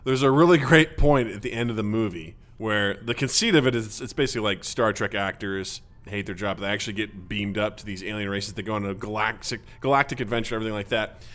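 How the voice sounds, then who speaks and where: A man co-hosting a casual podcast, animated and jokey, acting out quotes in exaggerated voices. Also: fairly low pitch, fast talker, few pauses. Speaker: podcast co-host. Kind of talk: casual chat.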